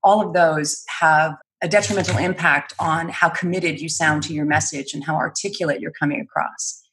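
A woman trainer in an interview, explaining clearly and articulately, often laughing lightly. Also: sits low, fairly even intonation, normal speed, a bit bright, slight background noise. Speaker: guest, speech and credibility trainer. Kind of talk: interview answers.

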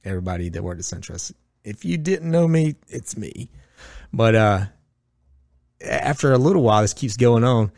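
A man telling a lively, swearing work story in casual chat, acting out the people he quotes. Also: fairly low pitch, moderate pace, gravelly, dry recording, clean studio sound.

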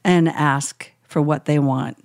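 Hospice chaplain, woman, gentle reflective co-host, lower register, dry studio mic. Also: steady tone, slow, gravelly, dry recording. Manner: gentle, reflective, acts out quoted phrases softly. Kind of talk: casual podcast chat.

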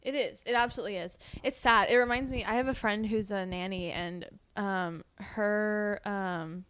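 A woman's voice: mid-range voice, fairly even intonation, moderate pace, fairly bright tone, clean tone, no echo. A young woman co-hosting a podcast, blunt and playful in casual gossip chat, sometimes mimicking people. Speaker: podcast co-host.

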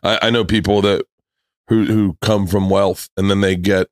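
Low-voiced eager American podcast host. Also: male voice, flat delivery, moderate pace, no echo, clean studio sound. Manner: eager, curious, stumbling restarts. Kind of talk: casual chat.

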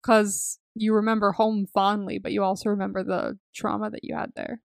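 A woman's voice: medium pitch, little pitch movement, normal speed, creaky, no room sound, studio quality. A young woman co-hosting a casual movie recap podcast, chatty and full of fillers, laughing often. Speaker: podcast co-host.

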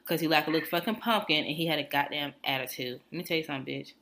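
A woman whose voice sits low, with a slight hiss or hum, talks very fast as she co-hosts a podcast. She's telling a rambling, cursing-filled story on a casual chat show, lively and mimicking the people in it.

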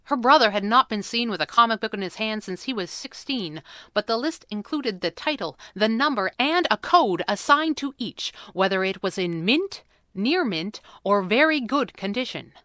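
A woman narrating a storybook in an even, measured way. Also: on the high side, no room sound, studio quality. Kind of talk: storybook reading.

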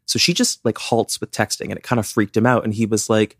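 A man's voice: on the low side, flat delivery, a little fast, a bit bright, dry recording, studio quality. A young man co-hosting a podcast, casually telling a true-crime story with lots of "like" fillers. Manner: chatty, many "like" fillers. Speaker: podcast co-host.

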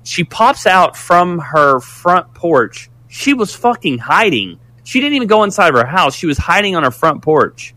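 A man casually telling a story, animated and profane, rambling with restarts. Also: high voice, normal speed, few pauses.

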